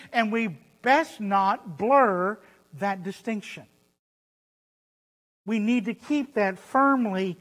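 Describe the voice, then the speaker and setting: Slow, emphatic preacher in an echoing hall. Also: mid-range voice, a bit bright. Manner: emphatic, repeats phrases for stress, asks rhetorical questions. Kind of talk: sermon. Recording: long hall reverb.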